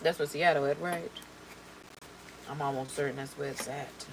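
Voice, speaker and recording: Slangy, animated woman vlogger. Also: low voice, moderate pace, gravelly, a little hiss or hum, low-quality recording. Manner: animated, slangy, repeats words for emphasis. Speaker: beauty vlogger. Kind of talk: casual chat while doing makeup.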